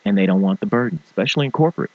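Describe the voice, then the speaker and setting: A man hosting a talk show, giving an animated motivational rant and mimicking people in funny voices. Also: fairly low pitch, racing, no echo, phone-quality sound. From small-town farming family. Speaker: show host.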